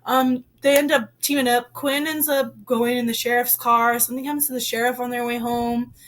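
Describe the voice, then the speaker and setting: A woman's voice: on the high side, moderate pace. A young woman chatting casually about a novel she read, rambling with lots of "like" and "um" and getting worked up at times. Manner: rambling, heavy use of "like" and "um"; expressive, gets worked up. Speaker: book reviewer. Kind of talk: casual book review chat.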